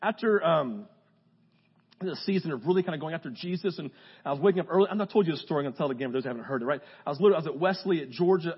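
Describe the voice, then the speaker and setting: A man's voice: fairly high pitch, animated, racing, husky, muffled recording. A young man preaching a casual, joking sermon to a live congregation. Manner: casual, joking, talks straight to the crowd. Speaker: pastor. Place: church hall with a live congregation.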